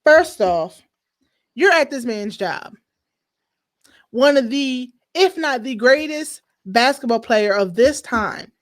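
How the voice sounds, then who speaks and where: A woman hosting a podcast, chatting casually with lively, emphatic slang. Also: sits high, slow pace. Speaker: podcast host. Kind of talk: casual chat.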